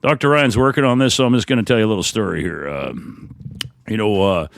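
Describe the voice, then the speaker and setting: A man's voice: fairly low pitch, a little fast, creaky, slight background noise. A Canadian man co-hosting a live podcast stream, rambling and joking with many fillers. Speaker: podcast co-host.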